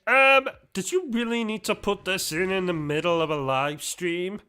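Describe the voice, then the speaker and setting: A man's voice: sits high, moderate pace, bright, forceful tone, smooth, voice pushed up. A man voicing a meek, hesitant male sidekick who opens with uh and um. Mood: timid.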